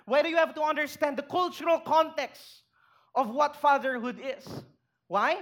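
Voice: high voice, moderate pace. A pastor preaching a sermon in church, making emphatic points and putting rhetorical questions to the congregation.

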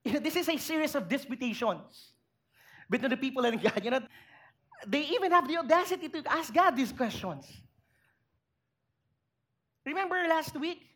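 High-pitched filipino lady preaching, acts out little stories, quizzes the congregation. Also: moderate pace, pauses often. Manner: lively, acts out little scenes and asks the congregation questions. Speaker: pastor. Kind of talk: sermon.

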